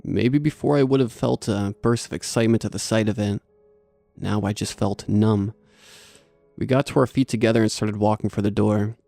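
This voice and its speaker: A man reads a horror story aloud in a low, gravelly voice with a dark, mellow tone. He keeps a steady, measured pace, recorded close and dry, with faint music playing underneath. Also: dry recording. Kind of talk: scripted horror narration.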